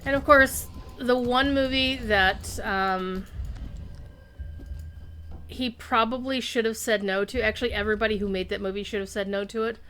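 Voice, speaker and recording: A woman's voice: on the high side, fairly even intonation, normal speed, a bit bright, slight background noise. A woman streaming a game live, chatting loosely with viewers and rambling between tasks. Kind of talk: casual live-stream chat while gaming.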